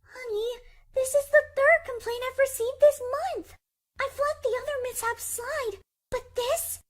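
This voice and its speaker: A gentle mother mare voiced by a woman in a fan-made cartoon. Her voice is very high and soft. She speaks soothingly, with patience. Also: fairly even intonation, a little slow. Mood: scolding. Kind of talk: fan-made animated film dub.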